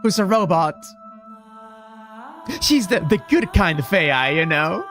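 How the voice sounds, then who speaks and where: A woman's voice: lowish voice, big pitch swings, unhurried, a bit bright, faint music behind. A woman streaming a video game, chatting casually, joking and swearing as she plays. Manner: profane, joking, laughs often. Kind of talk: casual gameplay commentary.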